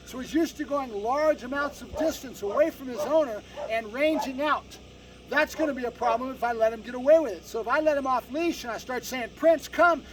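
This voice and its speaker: A male dog trainer with a strikingly high voice, lecturing emphatically and tagging his points with "right?". He is picked up from some distance away, with a faint hiss of noise underneath. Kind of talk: explaining dog training to owners.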